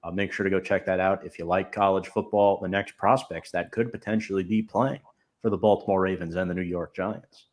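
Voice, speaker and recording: A man's voice: deep voice, fairly even intonation, fairly quick. A man hosting a casual podcast, reading out viewer comments and giving firm opinions. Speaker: podcast host.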